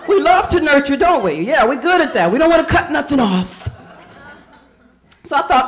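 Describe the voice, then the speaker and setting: A woman's voice: a little high, brisk. A woman from Indiana doing a stand-up comedy set, chatty and quizzing the crowd with questions. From Indiana, USA.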